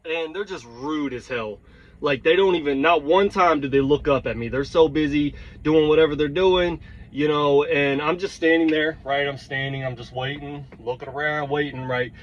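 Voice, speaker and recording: A man's voice: fairly high pitch, normal speed, dull audio. A truck driver telling a heated, blunt story, swearing and checking in with his listeners as he vents. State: tired. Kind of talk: storytelling vlog rant.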